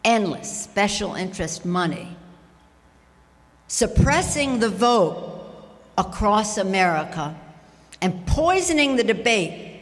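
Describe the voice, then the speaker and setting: A woman's voice: mid-range voice, very animated, slow pace, long pauses. A woman in her seventies, a party leader giving a political speech at a breakfast, with a rallying manner that repeats key phrases. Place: large breakfast hall with a crowd. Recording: long echo of a large hall.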